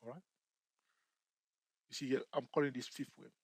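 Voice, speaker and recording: A man's voice: mid-range voice, little pitch movement, moderate pace, no echo. Man, trading tutor, chatty lesson, repeats himself, checks in often, dry room, middling voice. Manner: repetitive, checks in with "okay?" and "all right?"; jokey, laughs at himself. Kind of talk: screen-share trading lesson.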